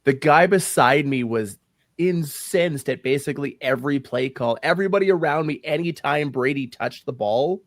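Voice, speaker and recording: A man's voice: on the high side, normal speed, no room sound. A man co-hosting a podcast, chatting casually about football. He is opinionated and sometimes searches for words. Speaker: podcast co-host. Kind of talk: casual sports chat.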